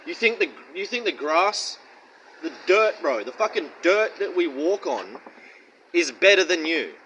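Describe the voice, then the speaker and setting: Man, casual Bible teaching, blunt and profane, mocking, slightly high pitch. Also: animated, measured pace, a bit bright, lo-fi sound, slight background noise. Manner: rambling slangy chat. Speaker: street-style preacher.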